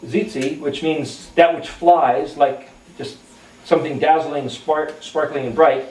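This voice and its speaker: A man's voice: fairly high pitch, steady tone, measured pace, darkish tone. A man giving a Bible teaching, explaining Hebrew letters and words in a musing, explanatory way. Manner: explanatory, spells out Hebrew letters, muses aloud. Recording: echoey room, mic at a distance.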